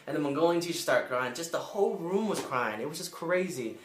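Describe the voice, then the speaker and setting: A young former Peace Corps volunteer speaks expressively and a little fast to camera, telling an earnest, emotional personal story. The room is reverberant with slight background noise, and he jumps up in pitch to act out people he quotes.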